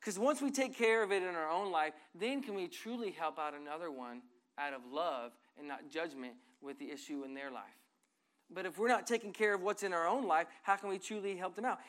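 A middle-aged man preaching a sermon as pastor, earnestly reading scripture and moving between loud and soft passages. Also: high-pitched.

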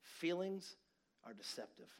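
Animated man in his forties preaching. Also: on the high side, measured pace, creaky. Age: 40s. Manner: animated storytelling, acts out quarrels with sudden loud outbursts. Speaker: pastor. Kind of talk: sermon with personal story.

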